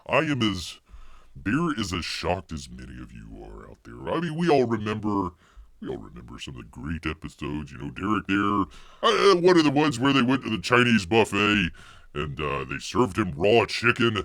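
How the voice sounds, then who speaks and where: A man's voice: lowish voice, huge pitch swings, normal speed, creaky, a bit bright, dry recording, studio quality. A man hosting a live stream in casual chat, calling himself Bear in the third person with over-the-top mock mourning.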